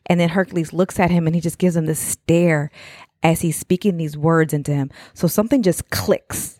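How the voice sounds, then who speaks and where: A woman's voice: deep voice, fairly even intonation, moderate pace, dark tone, no room sound, studio quality. A middle-aged woman, a mother, giving a casual motivational talk to other mothers, rambling and conversational and often checking in with the listener.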